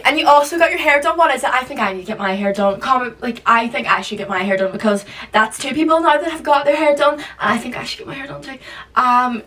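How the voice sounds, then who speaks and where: A young woman chats away as host of a reaction video, gushing and emotional. Her voice is bright, high and forceful, and it sits a little away from the mic in a room at home, with a faint hiss behind it. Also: recorded from a distance. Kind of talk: casual reaction vlog chat. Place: room at home with skylight window.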